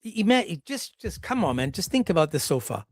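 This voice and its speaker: A man talking straight into a dry, close microphone with no room sound. He sits a touch high for a male voice and mocks his subject, slipping into put-on voices for the people he quotes. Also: big pitch swings, a little fast, no echo. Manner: mocking, sarcastic, acts out quoted voices. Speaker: commentary channel host. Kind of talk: monologue commentary on a clip.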